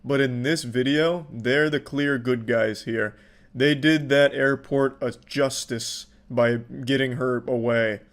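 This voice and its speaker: A young man giving sardonic reaction commentary in a deadpan way, swearing a lot. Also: medium pitch, takes it slowly. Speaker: commentary YouTuber.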